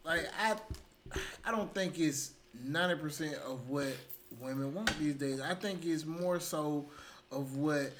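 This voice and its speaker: A man co-hosting a podcast in casual chat, trading loud mock-indignant banter and then musing more slowly. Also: on the high side, background noise. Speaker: podcast co-host.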